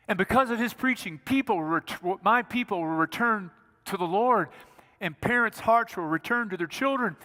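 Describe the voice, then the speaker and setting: Male pastor, chatty humorous sermon, high voice, reverberant church. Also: normal speed, sharp tone. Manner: conversational, humorous storytelling. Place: church sanctuary.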